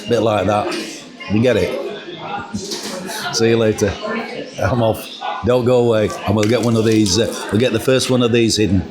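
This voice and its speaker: A man's voice: on the low side, fairly even intonation, normal speed, pauses often, over loud music. A middle-aged man, chatting casually and jokingly as he walks and films through windy outdoor steps and narrow yards. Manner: chatty, jokey, rambling with ums. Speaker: vlogger. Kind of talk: casual walking vlog. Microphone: camera mic with windshield.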